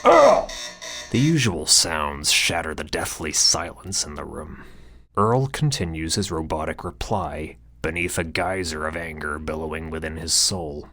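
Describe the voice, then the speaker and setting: A man's voice: rumbling low, measured pace, pushed and bright. A man narrating an audiobook in a crude, sardonic way. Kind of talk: scripted narration.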